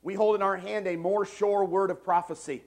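A man in his forties preaching a sermon in a church, stressing key phrases by repeating them and swinging between loud and soft. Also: high-pitched, fairly even intonation, moderate pace. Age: 40s. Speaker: pastor. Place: church sanctuary.

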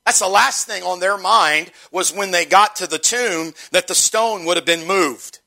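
A man's voice: high voice, unhurried, vocal fry, pushed and bright. A man pastor preaching an earnest Easter sermon, repeating and drawing out key words for emphasis.

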